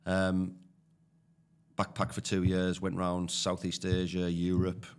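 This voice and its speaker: A man with a deep, low voice and a Teesside accent. He talks in a loose, chatty way, full of fillers, like a guest on a casual podcast. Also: completely flat delivery, slow, clean tone. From Teesside, England. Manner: chatty storyteller, many fillers. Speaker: guest, property investor.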